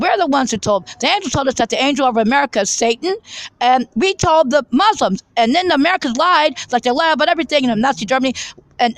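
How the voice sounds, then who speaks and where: A woman with a high voice rushes through a rambling monologue to her viewers. She is fervent and keeps restarting and repeating words. The recording is dry with almost no room sound. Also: fairly bright tone, no room sound, poor audio. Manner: fervent, repetitive, many restarts and stammered repeats. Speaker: vlogger. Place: coffee shop.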